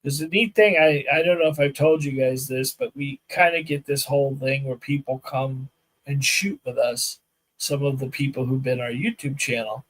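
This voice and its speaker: A man hosting a live podcast as a firearms instructor, chatting casually with viewers and telling animated stories where he acts out both sides of conversations. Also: medium pitch, moderate pace, low-quality recording. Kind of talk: casual live-stream chat. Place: outdoor shooting range.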